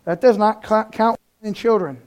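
Pastor, male, high-pitched, animated conversational preaching with loud peaks and soft asides. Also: fairly quick. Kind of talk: sermon.

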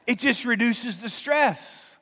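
Male pastor with a high voice, preaching emphatically in a reverberant church sanctuary. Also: slow pace, sharp tone. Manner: emphatic preaching, rhetorical questions to the congregation. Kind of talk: sermon.

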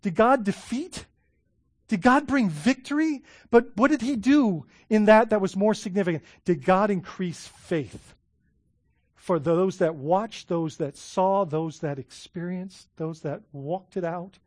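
A man preaching a sermon as a pastor, animated, often restarting words and laughing as he talks. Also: high-pitched, measured pace, no echo, clean studio sound.

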